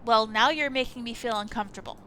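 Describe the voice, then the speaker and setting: A woman's voice: on the high side, fast, sharp tone, a little hiss or hum, poor audio. A woman reading as a curt, guarded young woman. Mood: dry. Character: guarded young androgynous woman, dry and irritated. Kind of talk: reading a visual novel aloud.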